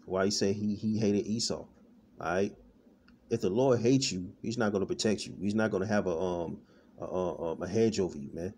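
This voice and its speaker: With a mellow, low-ish voice at a moderate pace, this street-style preacher gives a casual online sermon against slight background noise. His delivery is loose and repetitive, dotted with "man" and "all right," with frequent stops and restarts as he searches for the right words.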